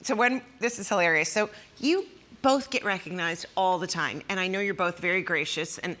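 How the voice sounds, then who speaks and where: A middle-aged woman, a guest comedian, chatting on a talk show and acting out the people in her stories. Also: brisk. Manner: animated storyteller, acts out quotes with big pitch jumps. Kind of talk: casual talk show chat. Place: television studio with audience.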